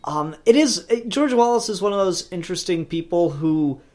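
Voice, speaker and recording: A man co-hosting a podcast, talking casually and with lively digressions about history and a movie. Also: high-pitched, normal speed. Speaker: podcast co-host.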